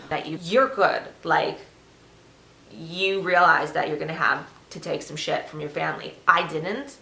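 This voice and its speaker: A woman talking earnestly to camera in a casual vlog, getting emphatic and animated as she explains. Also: low voice, normal speed, creaky. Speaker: vegan vlogger. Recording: echoey room with faint noise.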